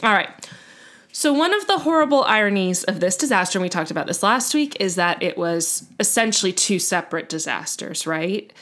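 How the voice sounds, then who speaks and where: A woman's voice: medium pitch, expressive, a little fast, a bit bright. A woman co-hosting a podcast, telling a long story in casual chat, chatty and full of fillers and self-corrections. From United States. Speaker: podcast co-host.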